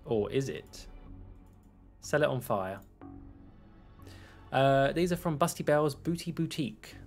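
A man's voice: mid-range voice, lively intonation, slow pace, a little mellow, soft background music. Chatty man streaming a game. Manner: chatty, rambling, answers chat questions, laughs easily. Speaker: gaming streamer. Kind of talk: casual live-stream chat while playing.

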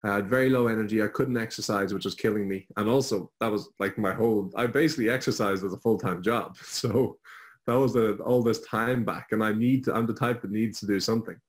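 A young man with an Irish accent and a fairly low voice tells a personal story as a guest on an online show. He jokes at his own expense and keeps it light. He talks casually and loosely. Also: steady tone, fairly quick, rough recording. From Ireland. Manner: jokey, self-deprecating storyteller.

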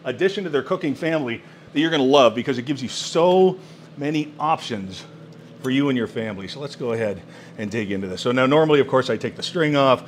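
A man of middle pitch shows off food from a countertop cooker, gushing with excitement and laughing between lines. His talk is loose and chatty, with faint noise in the background. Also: fast talker. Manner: enthusiastic, exclamatory, laughing often. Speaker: cooking channel host. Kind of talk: product demo cooking vlog.

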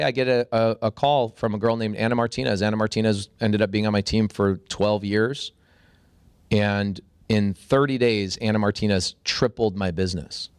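Lively storytelling man, low dry voice. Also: clean tone, dry recording. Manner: acts out quoted dialogue with sudden high-pitched bursts. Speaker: podcast guest. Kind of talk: animated storytelling in conversation.

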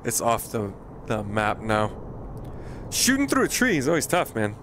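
This streamer speaks at normal speed in a medium-pitched voice whose pitch swoops wildly, with background noise behind him. Playing a flight game live, he chats with viewers and jokes about his own poor flying in a self-deprecating way.

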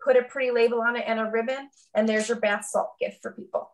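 A woman's voice: a little high, fairly even intonation, fast talker, recorded from a distance. A woman presenting in a casual group workshop, teasing the others and offering practical tips. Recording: voice set back from the mic.

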